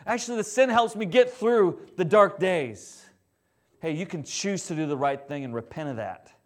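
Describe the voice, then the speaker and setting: Pastor, male, conversational and animated sermon delivery, slightly higher voice. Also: moderate pace.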